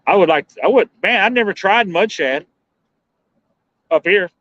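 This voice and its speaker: A man with a slightly high voice talks through a night of fishing, relaxed and rambling as he answers viewers. The sound is dull and lo-fi, with a dry, close feel. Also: moderate pace, no echo. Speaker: fishing livestream host. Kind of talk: casual live-stream chat.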